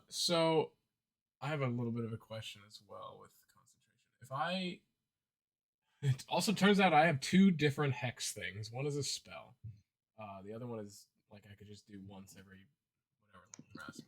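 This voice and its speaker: A man's voice: medium pitch, fairly bright tone. A man playing a tabletop game who counts out his moves aloud and asks the game master how the rules work. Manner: thinking aloud, asks rule questions. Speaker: player. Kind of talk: casual tabletop play.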